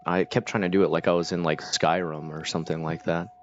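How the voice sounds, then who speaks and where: Rambling low-voiced male game streamer. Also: little pitch movement, fast talker, highs cut off. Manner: rambling, many fillers and restarts. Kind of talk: casual live-stream chat while playing.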